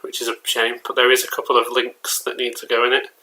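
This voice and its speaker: A man's voice: medium pitch, completely flat delivery, quick pace, sharp tone, slight background noise, low-quality recording. A man with an English accent chatting casually at home as a collectibles vlogger, rambling along with frequent fillers and restarts. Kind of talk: casual vlog chat. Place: at home, indoors.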